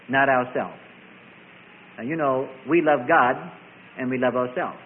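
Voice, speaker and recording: A man's voice: mid-range voice, a little slow, long pauses. A man preaching a sermon, driving his points home by repeating and contrasting phrases. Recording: tinny phone-like sermon recording.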